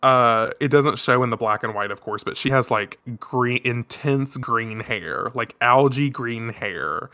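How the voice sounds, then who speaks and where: A man casually recapping a manga on a podcast, chatty and swearing, acting out the characters' lines in quick voices. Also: medium pitch, sharp tone. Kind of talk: casual chat.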